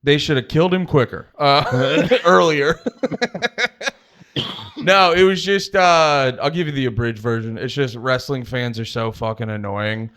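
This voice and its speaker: A man's voice: medium pitch, fairly bright tone. A man co-hosting a podcast, ranting in casual banter, swearing freely and laughing easily. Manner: ranting, profane, quick to laugh. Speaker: podcast co-host.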